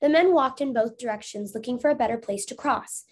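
Reading a storybook to young children, this female teacher speaks a little fast in a slightly high, slightly mellow voice. She follows the story with encouraging questions to get the class discussing it.

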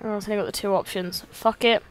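A young woman giving casual, excitable gameplay commentary, swearing freely and talking to the characters on screen. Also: mid-range voice, fairly quick. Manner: excitable, swears a lot, talks to the game characters. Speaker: let's play host.

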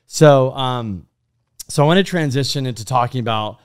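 A man co-hosting a podcast, rambling through animated stories with lots of restarts and asides. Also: mid-range voice, moderate pace, clear, resonant tone. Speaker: podcast co-host. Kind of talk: casual chat.

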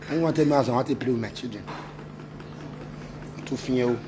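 A man's voice: medium pitch, fast, pauses often, low-quality recording. A man with a Nigerian accent in an emotional rant to his wife, repeating himself and mixing in Pidgin exclamations. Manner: repetitive, mixes Pidgin with exclamations.

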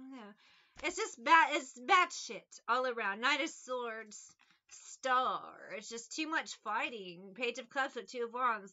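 Sharp, high-voiced woman, profane and mocking, reading tarot casually. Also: highs cut off. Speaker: tarot reader.

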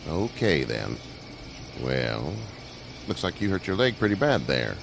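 An actor playing a wary but kind older male farmer who talks in a slow, folksy, measured way, from a video game. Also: rumbling low, sing-song, gravelly, heavily acted. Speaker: farmer offering shelter. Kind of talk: game voice acting. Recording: game audio with loud cricket noise. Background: crickets and night ambience.

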